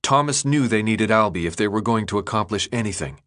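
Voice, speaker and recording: A man reading an audiobook in scripted narration with a steady, even delivery. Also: on the low side, brisk.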